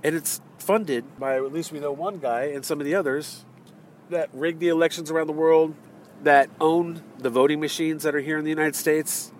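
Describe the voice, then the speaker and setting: A man's voice: on the high side, fairly even intonation, moderate pace, a little hiss or hum. Man ranting from his car. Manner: heated, rambling, with many fillers and restarts. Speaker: vlogger. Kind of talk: ranting political monologue. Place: in a car in traffic.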